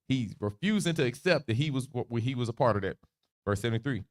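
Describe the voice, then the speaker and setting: A man leads a livestreamed Bible study in relaxed, slang-heavy talk. His voice sits at a middle pitch, and he laughs easily as he acts out the scripture. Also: fast. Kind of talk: casual livestreamed Bible teaching.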